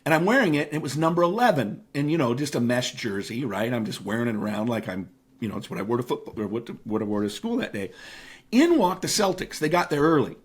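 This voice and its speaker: Man, 50s, from the Seattle area, podcast guest, anecdotal, animated, casual storytelling. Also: medium pitch, fast talker, slightly rough. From Seattle area, United States. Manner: animated, anecdotal, frequent fillers. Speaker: guest, speaker and author.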